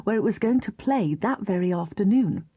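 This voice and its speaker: A woman narrating a children's storybook in a lively, expressive way. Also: medium pitch, normal speed, husky, no room sound, dull audio. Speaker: audiobook narrator.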